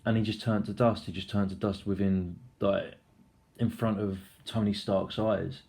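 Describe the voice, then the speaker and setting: A man's voice: fairly low pitch, little pitch movement, moderate pace, creaky, darkish tone. A young man casually recapping a film, rambling, swearing freely and acting out the scenes. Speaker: film reviewer.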